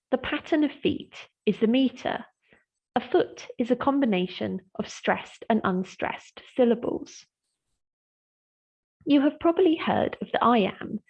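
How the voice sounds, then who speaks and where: Woman lecturer, scripted lesson, measured and clear, some vocal fry, lo-fi sound. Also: on the high side, a little mellow. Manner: clear, measured explanatory delivery, slowing to read verse aloud. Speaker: English literature lecturer.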